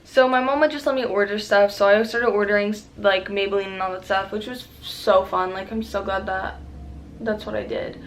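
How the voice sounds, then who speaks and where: A young woman rambling casually in a makeup vlog, profane and excitable with lots of fillers, recorded on a camera mic at home. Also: medium pitch, normal speed, a little hiss or hum. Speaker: beauty vlogger.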